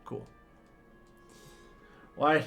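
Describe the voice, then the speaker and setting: Young male streamer, casual and profane, grumbles and rants while playing; faint music behind. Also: drawn-out words. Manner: exasperated, swearing, rants in sudden loud bursts. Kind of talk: casual game stream commentary.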